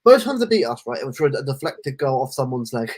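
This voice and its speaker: A man co-hosting a casual football podcast, talking in animated rants full of restarts. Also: medium pitch, fairly quick. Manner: animated, ranting, lots of restarts. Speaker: podcast co-host.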